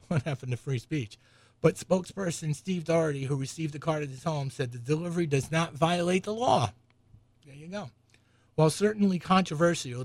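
A man's voice: mid-range voice, dry recording. Rambling sarcastic man with a slight New England accent. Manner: rambling, sarcastic, many fillers, laughs at own jokes. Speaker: show host. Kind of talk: casual commentary reading news aloud.

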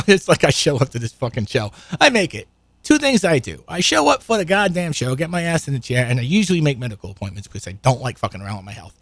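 A man's voice: medium pitch, very animated, fast talker, fairly bright tone, dry recording. An older man telling a rambling, profane story in casual monologue, full of asides and restarts. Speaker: show regular.

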